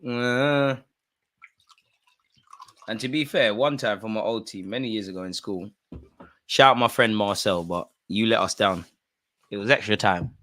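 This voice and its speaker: Excitable young guy, football watch-along. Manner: excitable, swings between loud outbursts and low mutters, heavy slang. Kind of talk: live match watch-along commentary.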